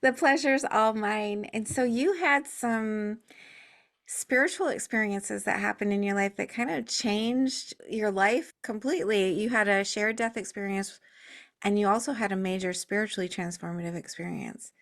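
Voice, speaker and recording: A woman's voice: mid-range voice, moderate pace. A woman hosting an interview, introducing her guest politely and graciously. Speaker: host.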